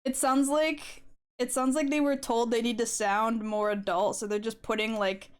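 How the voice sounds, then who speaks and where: A woman's voice: a little high, fairly even intonation, moderate pace, clear, resonant tone. A young woman streaming while she draws, chatting in a rambling, giggly way and swearing casually. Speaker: art streamer.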